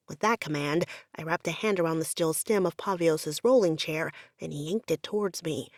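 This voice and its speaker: A woman reads a first-person romance novel aloud, her pitch rising and falling with lively, wry expression. The recording is dry and close, with no room sound. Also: dry recording. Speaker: audiobook narrator.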